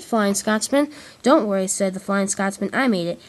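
A woman reading a train story aloud, with lively character lines between plainer narration. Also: mid-range voice, normal speed. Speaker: storyteller reading all parts. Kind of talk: amateur read-aloud storytelling of a train tale.

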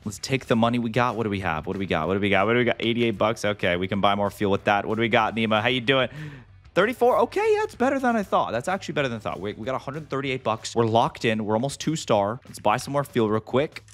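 A man giving excitable gameplay commentary as the host, talking to himself and to viewers and calling everyone "dude". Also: fairly low pitch, quick pace, few pauses. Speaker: gaming video host.

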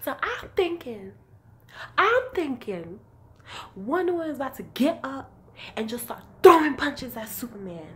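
Woman film reviewer, slightly high voice, excitable and foul-mouthed, acts out the scenes she describes. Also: a little slow. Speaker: movie reviewer. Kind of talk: casual spoken review.

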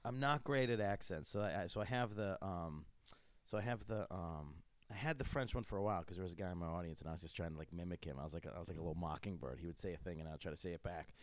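Talking fast in a low voice with barely a pause, this podcast host rambles through casual conversation, cracking jokes and doing voices as he spins animated stories. No echo is heard.

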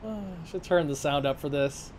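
A man's voice: fairly high pitch, moderate pace, a little mellow, a little hiss or hum. A man playing a video game, reading its dialogue aloud and chatting casually between scenes. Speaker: let's play gamer.

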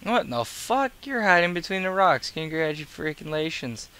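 This gaming video creator is tired and keeps yawning, grumbling and swearing sarcastically over casual gameplay. His voice sits on the high side, sing-song at a normal speed, with a bright, forceful, clear and resonant tone.

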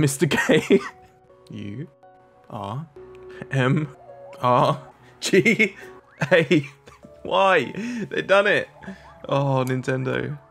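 A young man in his twenties, a gaming host, joking and reacting excitably while he plays. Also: fairly high pitch. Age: 20s. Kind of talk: let's-play commentary.

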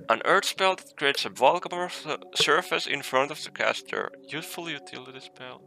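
A man's voice: on the high side, lively intonation, moderate pace, gravelly, hardly any pauses, sharp tone, soft background music. A man giving casual commentary on a game he is playing, swearing often, making frustrated outbursts and reading item text aloud. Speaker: let's play gamer.

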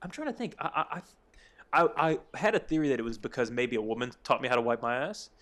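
A man's voice: medium pitch, fast, fairly bright tone. A man chatting casually as a podcast guest, rambling and self-deprecating, with frequent swearing. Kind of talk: casual chat.

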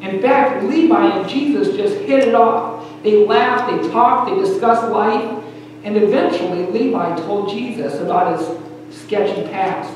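Male preacher, storytelling sermon, higher voice, roomy hall sound with faint hum. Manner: storytelling preacher, pausing often in short phrases. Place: church sanctuary. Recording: echoey hall, distant mic, faint hum.

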